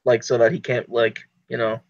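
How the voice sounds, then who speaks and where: A man's voice: medium pitch, monotone, a little fast, a little mellow, dry recording. A man playing a tabletop role-playing game, describing his character's actions in a rambling way full of "like" and "you know". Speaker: player. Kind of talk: tabletop role-play chat. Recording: slightly dull, dry mic.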